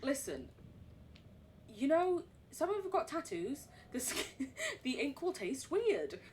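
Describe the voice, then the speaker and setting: A woman's voice: sits high, huge pitch swings, slow pace, slight background noise. A young woman with an English accent, streaming a game live, reading notes aloud and chatting in a rambling way, swearing casually and laughing often.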